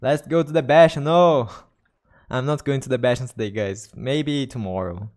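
A man with a Brazilian Portuguese accent talks casually to his viewers during a game livestream. His English comes in halting bits, with words repeated and restarted, at a mid pitch. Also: darkish tone. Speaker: streamer. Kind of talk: casual gaming livestream chat.

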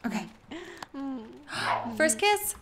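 A young woman talks through her gameplay in a casual, chatty way, her voice sitting a touch high. She gets excitable, breaking into laughs and little squeals as she reacts to what happens on screen. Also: very slow, heavy background noise. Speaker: let's play host.

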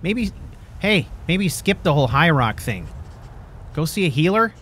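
A man talks through a game in character, joking and chatting to his dog companion. His speech is unhurried, but his pitch swings widely. Clear gameplay noise runs behind him. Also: big pitch swings, fairly bright tone. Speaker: role-play gamer. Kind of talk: in-character game role play.

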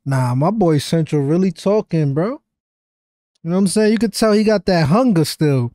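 A man's voice: a little high, animated, a little mellow, no echo, clean studio sound. A man hosting a music reaction, talking in casual slangy commentary and cheering the verse on. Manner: hyped, rapid slangy cheering. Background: rap track playing faintly.

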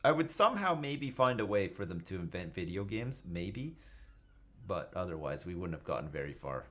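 A man's voice: sits low, very animated, moderate pace, sharp tone. A man casually commenting on his own space game live, joking, swearing and thinking aloud as he reads chat. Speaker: gaming livestreamer.

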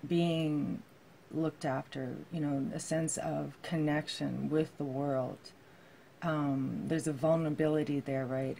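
A woman giving a heartfelt tarot reading to her viewers, reading card texts aloud and musing softly with many fillers. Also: sits low, vocal fry, a little hiss or hum. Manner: soft-spoken, heartfelt, with frequent fillers. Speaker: tarot reader.

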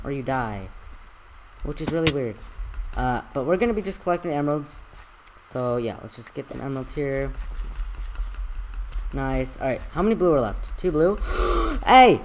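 Gamer, solo gameplay commentary, excitable, strained voice, swooping pitch, trash-talking. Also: slight background noise, poor audio. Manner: excitable, yelps and trash-talks.

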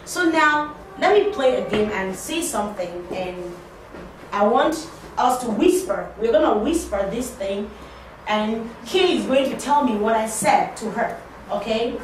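A woman teacher with a fairly high voice coaches a small group of assistants, chatting casually and slipping into playful acted-out exchanges. She sits well back from the mic, so her voice bounces around a very echoey room. A faint hiss of noise runs under her speech. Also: a little slow, distant mic. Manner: acts out little dialogues, lively and playful.

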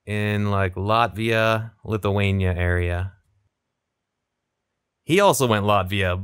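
A young man talks through his game in an unhurried, easygoing way, his pitch rising and falling a lot as he reacts. He sits close to a desk microphone in a dry room with no echo. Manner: relaxed, chatty, laughs often. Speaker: gaming video creator. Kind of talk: casual gameplay commentary.

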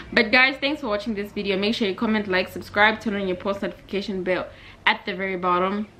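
A young woman from Zambia telling a childhood story to viewers in a casual, animated way. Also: mid-range voice, fairly quick, slight background noise. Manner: animated, chatty, addresses viewers directly. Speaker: vlogger.

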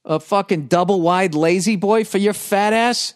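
A man's voice: high voice, moderate pace, hardly any pauses. A male comedian telling a story as a profane, exasperated, rambling casual rant. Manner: rambling with restarts.

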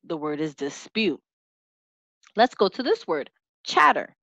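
A woman teaching a lesson, sounding out letters and syllables slowly and clearly as an instructor. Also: lowish voice, big pitch swings, fairly bright tone, no echo, lo-fi sound. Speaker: teacher and test-prep instructor.

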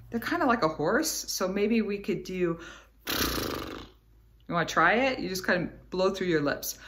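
A woman's voice: mid-range voice, fairly bright tone, a little hiss or hum. A woman giving a children's Bible lesson at home in her living room, cheerful and encouraging as she talks straight to the kids. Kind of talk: teaching young children, with singing.

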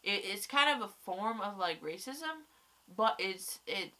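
Unhurried and mid-range in voice, a young woman chats casually about a TV episode she's reviewing. She rambles, gets excited, swears a lot, and sounds tired with a nose stuffed up from crying.

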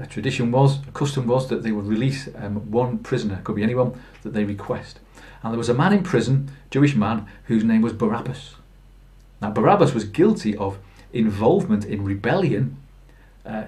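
A man's voice: medium pitch, a little mellow. A man preaching a Good Friday sermon in plain storytelling, earnest, with fillers and restarts. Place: church.

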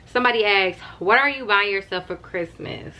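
A woman's voice: mid-range voice, moderate pace, pushed and bright. A young woman vlogging from home in a casual, chatty way, often calling her viewers "y'all". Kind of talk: casual chat to camera. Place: at home, wrapped in a robe and blanket.

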